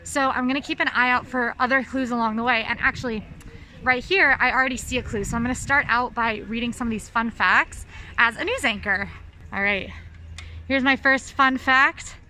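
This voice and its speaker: A woman's voice: a little high, normal speed, sharp tone, a little hiss or hum, rough recording. A woman hosting a vlog race, cheerful and full of competitive trash talk. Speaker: show host and race competitor. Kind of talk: upbeat vlog chat.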